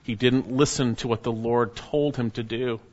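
A man's voice: medium pitch, fairly even intonation, moderate pace, a little mellow, long reverb tail, lo-fi sound. A man preaching an expository sermon, reading scripture verses aloud and then explaining them in an earnest manner.

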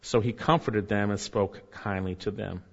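A man's voice: fairly low pitch, fairly even intonation, normal speed, gravelly. A man preaching a sermon as pastor, earnest, with rising emphasis and asides to the congregation. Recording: dull, hall reverb.

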